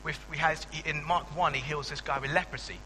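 Bright-voiced young pastor preaching. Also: male voice, on the high side, a little fast, big-room sound, slight background noise, low-quality recording. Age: young adult. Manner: conversational and animated, with frequent restarts and playful asides. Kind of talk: sermon.

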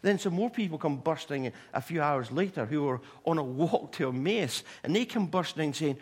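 A man preaching a sermon, retelling stories in an animated way with humorous asides to the congregation. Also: on the high side, normal speed, few pauses, slightly rough. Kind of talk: sermon storytelling.

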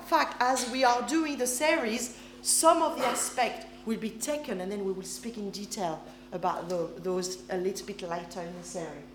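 In an echoey church hall before a congregation, a woman preaches a sermon in English, her second language. Her voice is on the high side with a little hiss or hum, and she delivers emphatically, frequently checking in with listeners.

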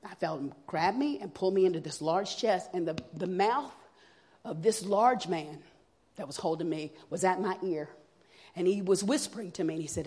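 A woman's voice: fairly low pitch, brisk, breathy edge. Earnest woman giving testimony. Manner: earnest, expressive storytelling. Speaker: guest speaker. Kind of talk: testimony sermon.

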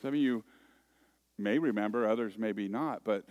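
A man's voice: lowish voice, moderate pace, lo-fi sound, background noise. A man in his forties preaching a conversational sermon, joking and self-deprecating as he tells stories. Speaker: pastor.

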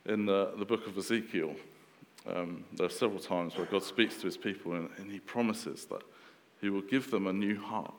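A man in his thirties preaching a sermon in a relaxed, conversational way, with fillers and restarts. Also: low voice, normal speed, in a large hall, slight background noise.

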